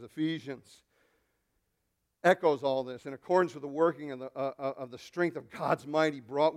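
A high-pitched male pastor delivering a sermon in a dynamic preaching style. He swings from loud, ringing declarations down to near-whispered asides and jokes casually with the congregation. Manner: conversational, joking with the congregation.

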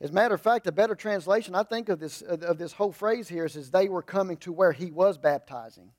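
A man preaching a conversational sermon. He explains in a folksy way with humorous asides, and he moves between emphatic raised lines and low, quiet remarks. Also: quick pace.

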